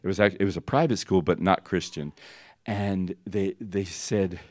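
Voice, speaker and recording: A middle-aged American man teaching a ministry school class, telling stories with laughter and pitch leaps at the high points. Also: moderate pace, no room sound, studio quality. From United States. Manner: animated storytelling, laughing, voices jumping high for the climaxes. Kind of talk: storytelling sermon. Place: teaching room with an audience.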